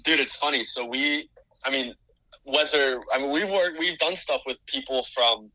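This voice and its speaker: Bright-voiced man rambling in casual chat. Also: medium pitch, moderate pace, no room sound, low-quality recording. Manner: rambling, many restarts and fillers. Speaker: business owner guest.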